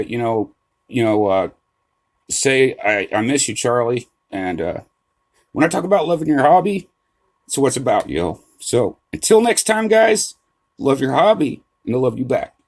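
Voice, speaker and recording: A middle-aged man vlogging about card collecting, telling a story in a casual, animated way with restarts, swearing and a lot of "right?". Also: mid-range voice, moderate pace.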